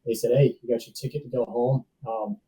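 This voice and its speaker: A man's voice: mid-range voice, steady tone, brisk, warm tone, recorded from a distance, low-quality recording. A man in his thirties, a podcast guest, telling a personal story in a laid-back, slangy way full of dude and bro. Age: 30s. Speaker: podcast guest, safety professional.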